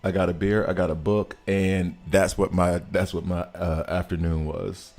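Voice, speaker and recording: With a deep voice and little pitch movement, this American man talks at a normal speed on a live game stream. He greets viewers casually and laughs a lot over soft background music.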